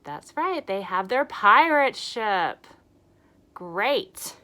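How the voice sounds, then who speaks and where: A young woman teaching a lesson to small children, speaking slowly, clearly and with lots of encouragement. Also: mid-range voice. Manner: animated, encouraging, slow and clear. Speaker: preschool teacher.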